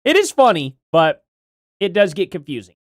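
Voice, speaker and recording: A man's voice: high-pitched, very animated, normal speed, no echo, studio quality. A male live-stream host chatting casually, thinking aloud and rambling with questions to himself and his chat.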